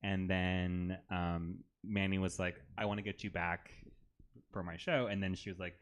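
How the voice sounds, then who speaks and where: Man, drag performer guest, low voice, rambling, laughs easily. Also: level tone, normal speed, lo-fi sound. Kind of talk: casual chat.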